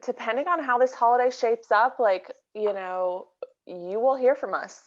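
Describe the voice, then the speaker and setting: A woman's voice: a little high, normal speed. A young woman co-hosting a podcast in casual chat, sassy and calling her friend "girl". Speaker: podcast co-host. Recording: slightly dull lo-fi sound.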